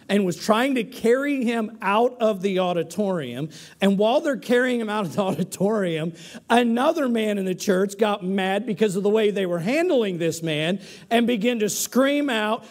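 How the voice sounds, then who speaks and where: High-voiced pastor telling sermon stories. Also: male voice. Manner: storytelling with restarts, building to emphatic peaks. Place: church sanctuary.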